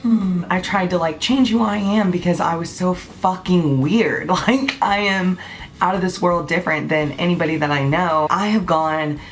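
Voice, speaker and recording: A woman's voice: lowish voice, moderate pace. A woman, giving a blunt, passionate, unscripted rant to camera, swearing freely. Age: 20s. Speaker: vlogger.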